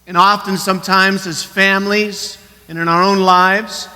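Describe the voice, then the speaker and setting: A man from Colorado preaches with a high, piercing, very bright voice. He is earnest and questioning, moving between quick stretches and slow emphatic phrases. His voice carries a long reverb from the church hall. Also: level tone. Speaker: pastor. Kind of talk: sermon.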